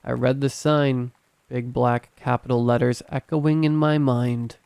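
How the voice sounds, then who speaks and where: A man narrating a scripted horror story in a measured, tense storytelling manner. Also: medium pitch, little pitch movement, creaky, a little mellow, clean tone, no room sound.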